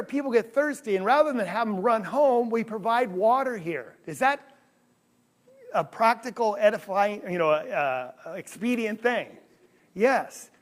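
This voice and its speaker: Animated high-voiced male preacher. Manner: animated, asks the audience questions. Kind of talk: Bible class lecture. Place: church hall.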